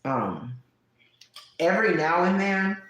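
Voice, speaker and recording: A woman's voice: on the low side, sing-song, slow pace, fairly bright tone, highs cut off. A woman in her late thirties hosting a live stream, chatting candidly with viewers at home, laughing often and snacking as she talks. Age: 30s. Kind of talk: casual live-stream chat. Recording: very echoey room.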